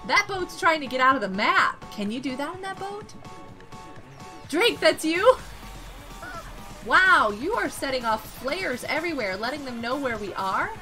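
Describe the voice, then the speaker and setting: A woman streaming a game, chatting casually and excitably, greeting and thanking her viewers. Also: high-pitched, measured pace, soft background music. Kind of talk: casual live-stream chat while gaming.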